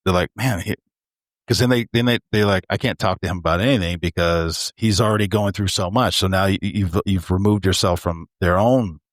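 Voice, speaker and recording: A man's voice: deep voice, fairly quick, no echo, clean studio sound. A man co-hosting a podcast, talking in an earnest, reflective way and calling his listeners bro. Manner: earnest and reflective, speaks to other men as bro. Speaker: podcast co-host. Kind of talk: casual chat.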